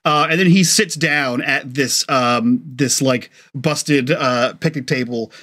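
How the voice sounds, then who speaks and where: A man narrating as game master in a tabletop role-playing game, pausing often with ums and uhs. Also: medium pitch, pushed and bright. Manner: hesitant, many filler ums and uhs.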